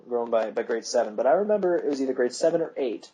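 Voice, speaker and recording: A man's voice: mid-range voice, lively intonation, brisk, mellow, breathy edge, lo-fi sound. A young man co-hosting a podcast, rambling through school stories and laughing at his own anecdotes, with a voice that cracks. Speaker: podcast co-host. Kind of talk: casual chat.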